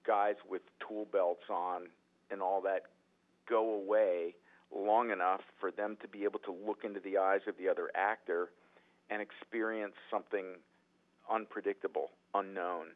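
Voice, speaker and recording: A man who is a writer-director telling animated stories in an interview, often restarting his sentences. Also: lowish voice. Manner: animated, acts out quotes, frequent restarts. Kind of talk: anecdotal storytelling in a podcast interview. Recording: tinny phone-like line.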